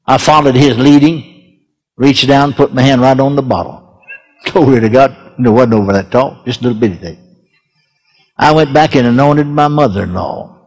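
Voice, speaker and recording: An older man preaching a sermon, telling a story in a folksy way with chuckles and repeated words. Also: mid-range voice. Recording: echoey hall reverb.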